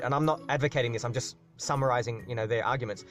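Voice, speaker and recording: A man's voice: medium pitch, quick pace, hardly any pauses, soft background music. A man hosting a live question-and-answer stream, rambling through an explanation and tagging "right?" onto his sentences. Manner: rambling, repeats "right?" as a tag, restarts words. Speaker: live Q&A host. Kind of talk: casual explanatory monologue.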